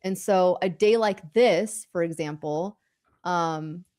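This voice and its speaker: A woman with a lowish voice talks through her trading day in a loose, rambling way. She restarts her sentences often and laughs easily, in a casual live-stream chat. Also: slow pace, a little mellow.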